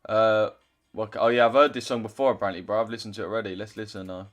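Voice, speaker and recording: Casual man streaming live, slightly low voice. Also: steady tone, rapid-fire, a bit bright. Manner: loose, chatty, swears casually, reads chat aloud. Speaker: trading livestreamer. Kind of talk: casual livestream chat.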